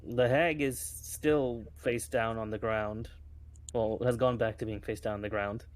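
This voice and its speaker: A man acting as game master, describing scenes and calling for checks in a relaxed, casual way. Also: fairly low pitch, measured pace. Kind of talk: narrating a tabletop game.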